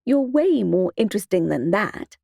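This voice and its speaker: A woman reading an audiobook, voicing a tired, worried husband who jokes gently, in a quiet, slightly lowered voice. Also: very animated, normal speed, vocal fry, no room sound, studio quality. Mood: mock serious. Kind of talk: audiobook character voice.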